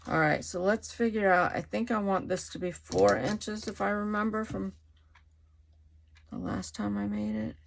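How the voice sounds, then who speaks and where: A woman hosting a casual craft tutorial, thinking aloud as she works, her voice going hoarse. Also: mid-range voice, slight background noise. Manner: unhurried, thinking aloud while working. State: losing her voice. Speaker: crafting channel host.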